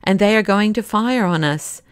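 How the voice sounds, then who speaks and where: A woman's voice: mid-range voice, moderate pace, clean tone, no room sound, clean studio sound, natural voice. Woman reading a grim, hopeless inspector. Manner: quiet, grim. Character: gloomy, hopeless middle-aged male inspector.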